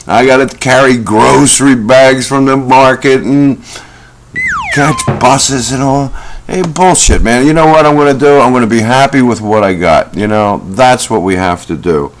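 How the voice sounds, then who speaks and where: A man's voice: medium pitch, moderate pace. A middle-aged man talking casually to the camera in a rambling, folksy way, with many fillers and asides. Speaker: self-help video host.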